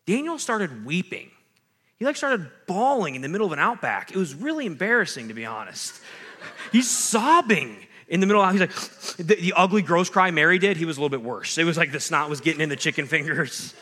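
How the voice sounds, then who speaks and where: A man's voice: on the high side, sharp tone. A young adult man, a pastor, giving a sermon in a conversational way, with jokey asides and acted-out quotes.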